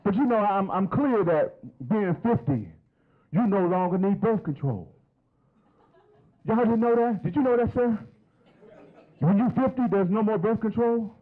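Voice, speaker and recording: A man's voice: high-pitched, animated, unhurried, pauses often, narrow, tinny audio. A man in his fifties doing a stand-up comedy set on stage, chatty and teasing the crowd with questions. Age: 50s.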